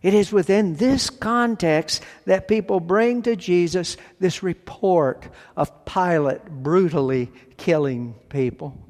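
Guy preaching slow n steady, slightly high voice, big church echo. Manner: slow, deliberate phrasing with long pauses. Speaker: pastor. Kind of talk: sermon. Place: church sanctuary. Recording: long hall reverb.

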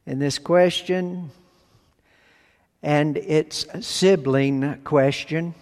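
A man preaching a sermon from the pulpit, speaking in slow, deliberate phrases with long pauses. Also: fairly high pitch, animated. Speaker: pastor. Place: church sanctuary. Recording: long hall reverb.

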